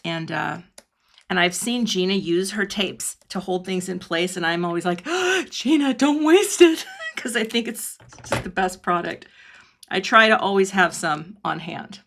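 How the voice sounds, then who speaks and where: A middle-aged woman teaching cardmaking in a live online demo, chatting and laughing often, her voice dropping low when she concentrates. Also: fairly even intonation, normal speed, sharp tone. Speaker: cardmaking instructor. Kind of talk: live online craft demonstration.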